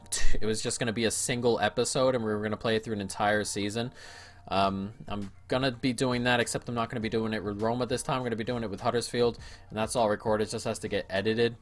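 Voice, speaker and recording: Excitable male let's-play commentator. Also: lowish voice. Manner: chatty play-by-play, bursts of excitement at goals. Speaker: gaming video creator.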